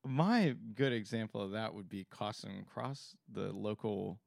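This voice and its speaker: A man's voice: fairly low pitch, unhurried, vocal fry, a little mellow, no room sound, clean studio sound. A man from Pennsylvania co-hosting a casual podcast chat, playful and full of questions. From Pennsylvania, USA. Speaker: podcast co-host.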